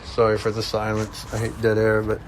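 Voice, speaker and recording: A man's voice: on the low side, completely flat delivery, a little fast, a little hiss or hum. A man hosting his own podcast, talking in a casual, wandering monologue full of jokes and asides. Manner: joking, wandering, self-mocking. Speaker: podcast host.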